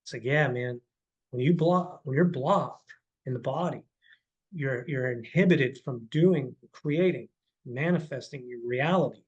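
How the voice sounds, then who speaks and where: A man's voice: medium pitch, measured pace, breathy edge, dull audio. A man on a podcast, a horse trainer and life coach, talking casually and rambling, often restarting and dropping in "man" and "dude". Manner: rambling, repeats words, says "man" and "dude".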